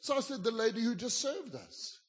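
A man from South Africa with a fairly high voice delivers a sermon. He tells a story with self-deprecating humor and acts out each voice in the dialogue. The sound carries a long hall reverb. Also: sing-song, moderate pace. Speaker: pastor.

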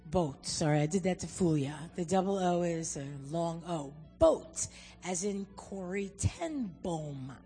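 A woman's voice: on the low side, measured pace. An American woman speaking as a missionary at a church, joking and talking straight to the congregation while teaching a few words. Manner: animated, joking, addresses the audience directly. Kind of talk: humorous church talk with a language lesson. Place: church hall. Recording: reverberant hall with faint music.

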